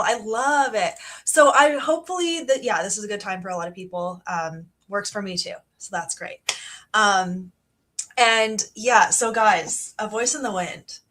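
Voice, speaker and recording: A woman's voice: medium pitch, a bit bright. A woman hosting a live book club stream, chatting casually and bubbly with lots of ums while greeting viewers by name. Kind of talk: casual livestream chat. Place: home, sunny region of Canada.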